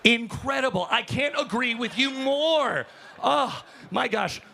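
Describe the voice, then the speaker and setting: A man hosting a live event from a convention floor, excitedly shouting and interviewing fans. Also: extremely high pitch, measured pace, vocal fry, noisy background. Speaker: event hype host.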